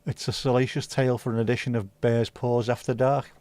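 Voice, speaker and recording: Male host, mid-pitched, easygoing and sweary, dry sound. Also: flat delivery, a little fast, a little mellow, dry recording. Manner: laid-back, sweary banter. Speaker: livestream host. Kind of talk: casual chat reading viewer comments.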